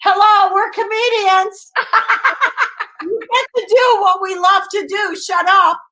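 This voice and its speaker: A woman putting on a brash male comedian who loudly tells a manager to shut up, laughing as she goes. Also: very high voice, fairly even intonation, slow, voice pushed up, heavily acted, rough recording. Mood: gleeful shouting. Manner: loud, laughing, exaggerated.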